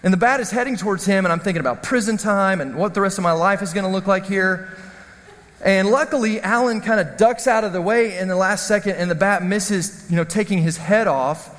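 A man preaching a sermon as the pastor, telling stories in an animated, self-mocking way. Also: sits high, fairly quick, big-room sound. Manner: storytelling, animated, self-deprecating.

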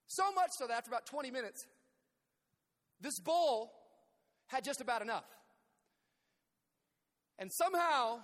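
Animated high-voiced man preaching in a hall. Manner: animated, acts out scenes with shouts and mimicry. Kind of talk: sermon storytelling. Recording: long hall reverb.

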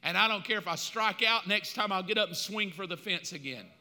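A man preaching a sermon as pastor, impassioned, swinging between loud preaching and quiet asides. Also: sits high, a little fast. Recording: long hall reverb.

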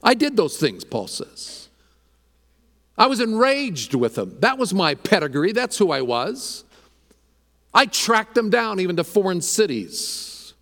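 A male pastor preaching with a higher-than-usual voice that swings widely in pitch. He talks emphatically and repeats words as he drives each point home. A long hall reverb trails behind every phrase in the church sanctuary. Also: very animated, a little slow, fairly bright tone. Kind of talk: sermon.

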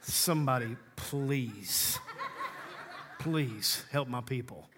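A man voicing God as a weary, exasperated older male deity, muttering in a low, sighing way. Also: takes it slowly, in a large hall, background noise, natural voice.

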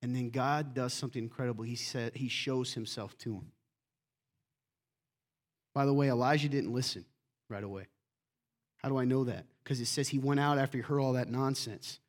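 A middle-aged man preaching a sermon as pastor, lively and acting out quoted voices. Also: medium pitch, moderate pace, long pauses.

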